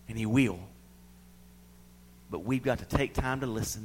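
A middle-aged man preaching a sermon, swinging between loud pleading and soft near-whispers. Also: medium pitch, moderate pace.

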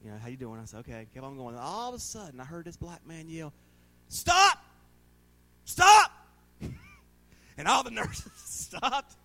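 High-voiced pastor telling stories. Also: male voice, sing-song, fairly quick, gravelly, few pauses. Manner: folksy storytelling, laughing often, rising to loud bursts. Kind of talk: sermon.

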